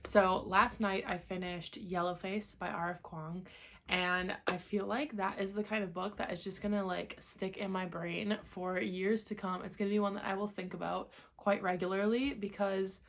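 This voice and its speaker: A woman's voice: mid-range voice, level tone, moderate pace. A young woman chatting casually in a reading vlog at home, talking in a loose, chatty way with lots of filler words. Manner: chatty, many "like" fillers, laughs easily. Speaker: book vlogger.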